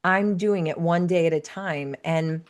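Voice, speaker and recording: Low-voiced woman coach, earnest. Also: a little slow. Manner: earnest, reflective storyteller. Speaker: podcast guest, life coach. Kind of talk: conversational interview.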